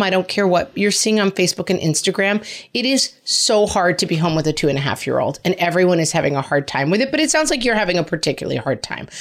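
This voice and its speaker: A woman hosting a parenting podcast, giving frank, chatty advice and poking fun at herself. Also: mid-range voice. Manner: frank, chatty, self-mocking. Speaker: podcast host answering parenting questions. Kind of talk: casual advice chat.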